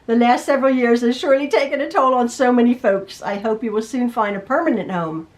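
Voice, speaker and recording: A chatty middle-aged woman teaching quilting from her home sewing room, her voice sitting fairly high. She rambles warmly through viewer emails, restarting her sentences often. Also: brisk. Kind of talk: casual chat reading viewer emails.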